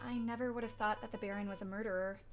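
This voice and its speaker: A woman's voice: medium pitch, fairly even intonation, racing, faint music behind, lightly acted. A woman reading as a chatty young lady bird. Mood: friendly.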